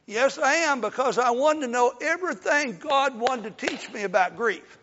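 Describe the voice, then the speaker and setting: An older man preaching a sermon in a folksy way, swelling to shouts and dropping to a hush. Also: very high-pitched, animated, normal speed, hardly any pauses. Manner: folksy, rising to shouts then dropping soft. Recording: dull lo-fi recording in a reverberant hall.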